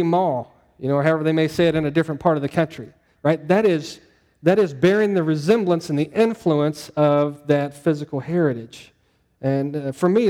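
A man's voice: a little high, a little mellow. A middle-aged man preaching a sermon to his congregation in a conversational, folksy way, often asking the room questions. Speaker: pastor.

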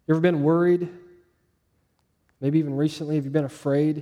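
Pastor, male, slightly high voice, animated sermon delivery with swings between lifted and hushed lines. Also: a little fast, pauses often. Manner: animated preaching, rising for quoted lines and dropping low and soft for emphasis.

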